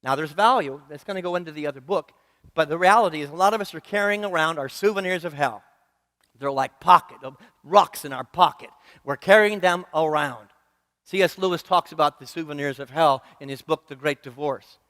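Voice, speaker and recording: In an echoing church sanctuary, a high-voiced male preacher gives a sermon at a fairly quick pace with a rather bright tone. Earnestly, he repeats phrases rhythmically and asks his congregation questions.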